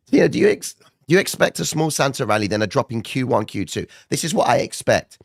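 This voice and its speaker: A man doing casual live market commentary who keeps checking in with viewers, his voice rougher than usual. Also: medium pitch, big pitch swings, fast talker, no echo, clean studio sound. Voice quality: gravelly, not his normal voice. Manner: chatty, addresses viewers directly, frequent "okay?" and "right?".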